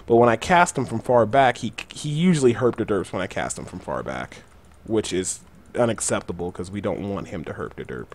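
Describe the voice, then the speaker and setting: A man's voice: fairly low pitch, lively intonation, a little fast, slight background noise. A young man giving casual, chatty gameplay tutorial commentary, loose with fillers and gamer slang. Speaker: gaming channel host.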